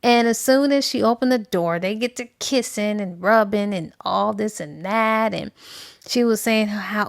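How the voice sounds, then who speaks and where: A woman's voice: medium pitch, measured pace, vocal fry, dry recording, studio quality. A woman casually retelling a novel's plot for a book review, chatty and full of fillers, acting out the characters' lines.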